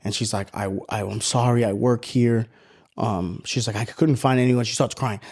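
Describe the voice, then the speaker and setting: A man's voice: on the low side, steady tone, moderate pace, a little mellow, slightly rough. A man in his thirties co-hosting a podcast, telling a story in casual chat, acting out voices and swearing freely. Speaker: podcast co-host.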